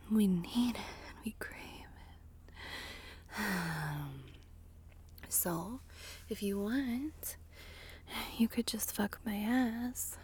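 A woman in a whispered intimate monologue, breathy and sighing, speaking slowly and lingering, recorded in a small closet. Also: mid-range voice, slight background noise. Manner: breathy, sighing, slow and lingering, with soft laughs. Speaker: adult audio creator.

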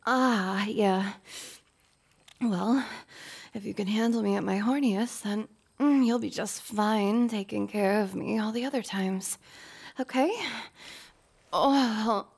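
Casting: woman voicing a bossy, mocking young lady boss; slow, drawn-out delivery with a heavy gravelly fry. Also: mid-range voice, full character voice. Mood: teasing, domineering. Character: domineering, teasing young woman company boss. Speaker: audio role-play performer. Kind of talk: intimate audio role-play.

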